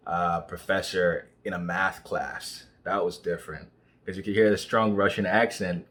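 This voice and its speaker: Young man, low voice, from Nigeria, casual vlog chat, loose with fillers. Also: a bit bright. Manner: conversational, full of fillers like "you know". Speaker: vlogger. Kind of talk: casual monologue.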